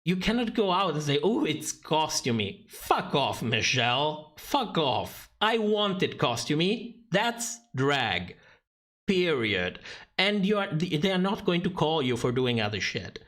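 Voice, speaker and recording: A man's voice: on the high side, very animated, unhurried, a bit bright. A man giving sarcastic, profane livestream commentary on a drag competition show, often laughing mid-sentence.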